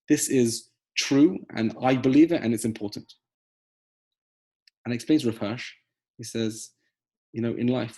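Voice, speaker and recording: A man's voice: mid-range voice, darkish tone, husky. A man teaching a close reading of a scriptural text, emphatic and explaining step by step with rhetorical questions. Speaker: Torah teacher. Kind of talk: text study lesson.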